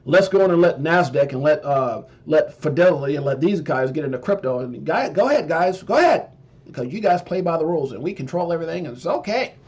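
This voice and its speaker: A smug, scheming politician talks down to his listeners with sly permission, as a man puts him on. The voice sits raised and loud, and the sound is dull and lo-fi. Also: fairly high pitch, animated, fast.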